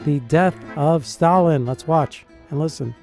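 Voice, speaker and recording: A man's voice: on the high side, a little slow, a little mellow, faint music behind. A middle-aged man and dialect coach talking through a film in a musing, hesitant reaction commentary.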